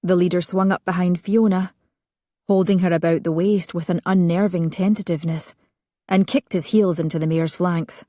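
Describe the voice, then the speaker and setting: A woman narrating a romance audiobook with measured storytelling. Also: lowish voice, fairly even intonation, warm tone, no echo, studio quality.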